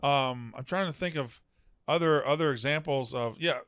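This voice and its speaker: A man co-hosting a casual movie review chat, blunt and animated, quick to argue a point. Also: mid-range voice, clear, resonant tone, dry recording, studio quality. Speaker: podcast co-host.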